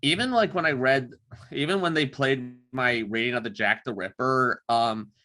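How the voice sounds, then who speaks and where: A man co-hosting a podcast chats casually, stopping and restarting often. His voice is bright and forceful, pitched in the middle. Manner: halting, full of ums and restarts. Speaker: podcast co-host. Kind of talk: casual chat.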